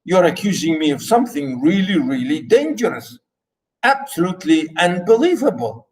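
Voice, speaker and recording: A man's voice: a little high, very animated, normal speed, rough recording. A man lecturing on a play, reading lines aloud and then paraphrasing them with fillers and repetitions. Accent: Arabic-speaking. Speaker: literature lecturer. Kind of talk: lecture explaining a play line by line.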